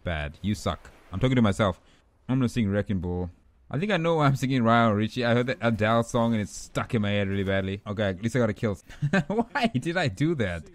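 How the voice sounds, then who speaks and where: A young man giving rambling, excitable commentary over his own gameplay, trash-talking opponents and himself. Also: fairly low pitch, fast. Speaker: gaming YouTuber.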